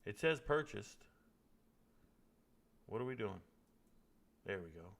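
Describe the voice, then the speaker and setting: Hosting a casual live stream where he reacts to fights, a young man with a fairly low, gravelly, slightly bright voice speaks slowly with lively intonation. He jokes and trash-talks while reading viewer comments.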